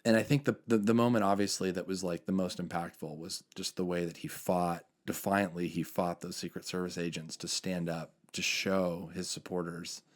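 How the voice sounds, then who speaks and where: A man's voice: low-pitched, little pitch movement, moderate pace, hardly any pauses. A man talking on a casual podcast, earnest and reflective, circling back with many fillers and restarts. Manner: earnest, reflective about faith. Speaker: podcast co-host.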